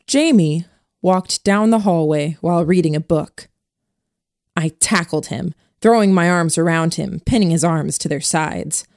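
A woman reading a novel aloud as narrator in a steady first-person storytelling voice. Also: fairly low pitch, measured pace, no echo, clean studio sound. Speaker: audiobook narrator. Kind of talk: scripted narration.

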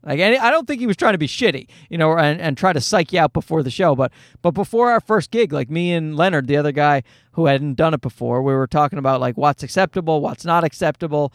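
A middle-aged male comedian with a high, light voice rambles through a casual story, cursing freely and poking fun at himself. The sound is close and dry, with no room around it. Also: expressive, fast, hardly any pauses, no echo. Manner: rambling, self-deprecating, swears freely. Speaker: comedian and podcast host.

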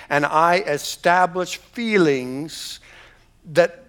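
A man preaching a sermon to a church congregation, impassioned, with frequent restarts, swinging from loud declarations to hushed asides. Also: high-pitched, normal speed. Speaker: pastor. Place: church hall.

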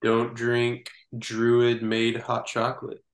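A man's voice: medium pitch, slow pace. Dry joking guy on a movie podcast, echoey room. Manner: dry deadpan quips. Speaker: podcast co-host. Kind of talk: casual film-review chat. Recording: roomy room sound.

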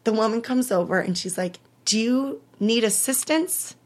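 A woman's voice: fairly high pitch, moderate pace. A woman in her thirties, an interview guest, telling a personal story candidly and with emotion, laughing at times.

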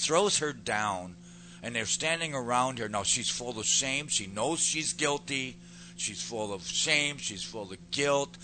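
A man's voice: on the low side, sharp tone, a little hiss or hum. A man preaching a sermon with fervent emphasis, repeating words to stress his points.

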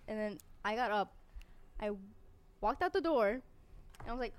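A young woman in college, chatting with friends on a podcast. She is quick to cut in, and her voice is fairly high. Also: animated, clear, resonant tone. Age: young adult. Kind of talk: casual chat, storytelling.

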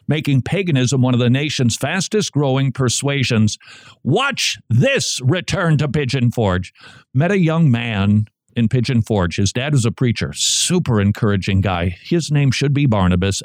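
A man hosting a talk radio show, delivering a jokey, animated monologue and acting out bits of quoted chatter. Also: mid-range voice, no echo, clean studio sound.

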